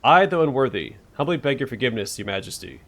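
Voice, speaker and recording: A man's voice: mid-range voice, expressive, quick pace, a bit bright. Give me a man reading a ruler from a game who humbly begs for mercy. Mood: groveling. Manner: humble, pleading. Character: groveling ruler begging mercy.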